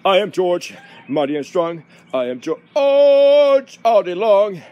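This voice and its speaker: A boastful dog proclaiming his might in a chanting, sing-song voice, as a man puts him on. The voice sits high and bounces with lively swings of pitch. It is recorded outdoors in a backyard. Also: takes it slowly, dull audio, exaggerated voice. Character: bold male dog, self-proclaimed mighty captain.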